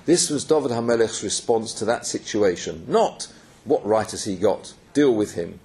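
A man's voice: on the low side, lively intonation, normal speed, warm tone. A man giving an earnest Torah lecture, telling stories and mixing in yeshiva terms. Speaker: Torah teacher.

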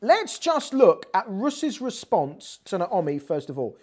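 Animated woman teaching scripture. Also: mid-range voice, measured pace. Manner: animated, acts out quoted lines with sass. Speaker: Bible teacher. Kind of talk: conversational scripture lesson.

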